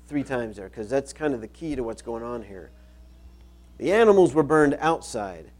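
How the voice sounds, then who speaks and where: A man's voice: medium pitch, darkish tone. A middle-aged male pastor preaching a sermon, reading scripture aloud and repeating key phrases for emphasis.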